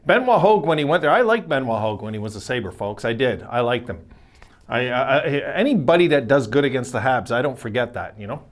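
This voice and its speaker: A man's voice: medium pitch, lively intonation, fast. Chatty man rambling about old trades. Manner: rambling, chatty, self-correcting, frequent asides. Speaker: hockey video host. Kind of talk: casual solo commentary.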